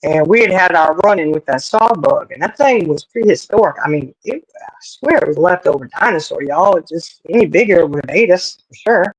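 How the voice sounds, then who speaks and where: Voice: mid-range voice, a little fast, no echo, low-quality recording. Folksy storyteller, dry close sound. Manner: folksy, animated, rambling with many asides. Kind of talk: casual storytelling.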